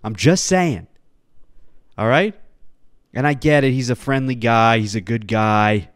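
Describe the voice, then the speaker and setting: A man riffing on a solo podcast in a sarcastic, rambling way, throwing in playful mock-serious asides. His pitch sits mid-range for a man, and the recording is close and dry with no room sound around it. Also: unhurried, no echo. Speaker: podcast host. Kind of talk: casual solo commentary on clips.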